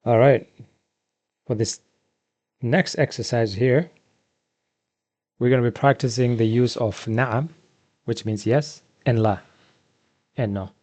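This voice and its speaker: A man runs a beginner vocabulary lesson from slides, with a voice of middling pitch. He asks how to say each word, answers himself, and repeats the answer slowly for the learners. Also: darkish tone. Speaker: Arabic teacher.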